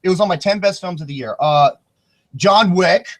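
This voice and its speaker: A man hosting a casual podcast chat, excitable and rambling, swearing freely. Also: high voice, normal speed. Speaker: podcast host.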